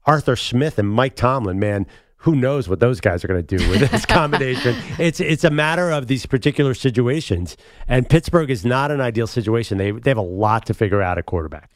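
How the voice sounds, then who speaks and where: A man co-hosting a sports talk show, arguing his picks confidently and pushing back quickly. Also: medium pitch, dry recording, clean studio sound. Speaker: sports radio co-host. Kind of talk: casual sports debate.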